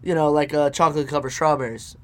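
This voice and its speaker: Young guy, slightly high pitch, loose animated banter with casual swearing. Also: quick pace. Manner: animated, swearing, retells scenes in quoted voices. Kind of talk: casual chat.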